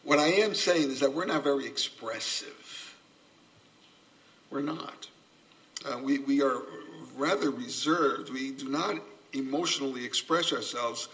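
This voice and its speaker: An older man preaching a sermon, earnest and gently humorous, a self-described subdued speaker. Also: medium pitch, unhurried. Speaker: pastor. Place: church sanctuary. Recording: voice from a distance off the mic.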